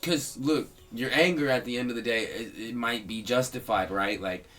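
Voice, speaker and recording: This is a man in relaxed conversation, swearing freely as he talks. He gets animated and climbs into near-shouting when he gets worked up, then settles back down. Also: mid-range voice, moderate pace, soft background music. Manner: animated, profane, builds up to shouting. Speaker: host. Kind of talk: casual chat.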